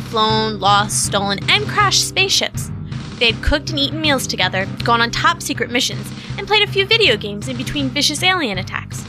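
A woman narrating an audio drama in a smooth storytelling manner. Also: a little high.

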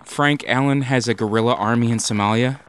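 An actor playing an exasperated adventurer hero, dry and impatient. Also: male voice, medium pitch, fairly quick, a bit bright, slight background noise, close to an everyday voice.

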